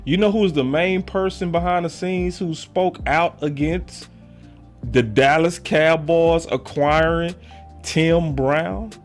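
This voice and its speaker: A male sports show host who talks slowly and theatrically. His voice sits fairly high, and he swings between loud hype and low muttered asides to his viewers. Faint music plays underneath. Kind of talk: livestream sports talk.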